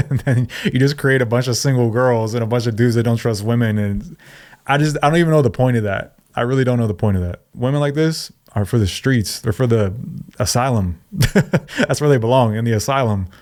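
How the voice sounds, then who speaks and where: A man's voice: mid-range voice, a little fast, a little mellow. A man hosting a reaction video, giving blunt, mocking commentary and laughing often. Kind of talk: casual commentary.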